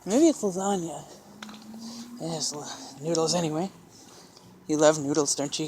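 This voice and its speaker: A vlogger with a deep, warm voice speaks at normal speed to her parrot in a sing-song pet tone as she walks a street in the rain, filming handheld. A little hiss or hum is present.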